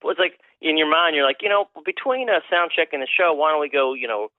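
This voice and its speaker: A man's voice: on the high side, expressive, quick pace, dry recording. Profane rambling man on a phone line. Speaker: country musician guest. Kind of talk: casual phone interview. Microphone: phone call. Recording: tinny phone line, dry.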